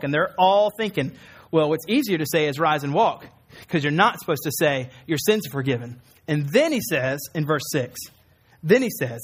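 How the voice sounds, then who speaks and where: A man in his thirties preaching an earnest sermon in a church, acting out quoted lines and building up emphasis. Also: sits high. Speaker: pastor.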